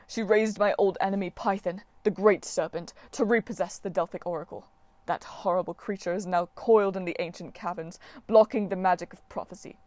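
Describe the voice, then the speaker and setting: A woman's voice: on the low side, steady tone, brisk, darkish tone, dry recording, lightly acted. A woman playing a whiny diva sun god. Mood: dramatic. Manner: wailing, theatrical, self-pitying. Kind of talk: audiobook character voice.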